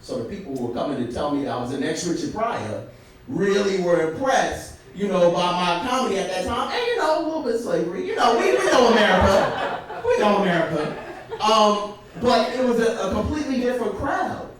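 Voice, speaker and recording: A man's voice: sits high, very animated, a little fast, recorded from a distance, crowd noise. A young man from Brooklyn telling a funny story to a live audience on a theater stage, laughing through his telling. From Brooklyn, New York. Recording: very echoey theater, from off mic.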